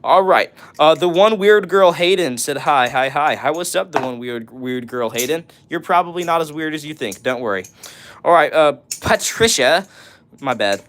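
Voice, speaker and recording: A man hosting a live stream, reading out chat messages in a casual, excitable way and laughing often. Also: fairly high pitch, moderate pace.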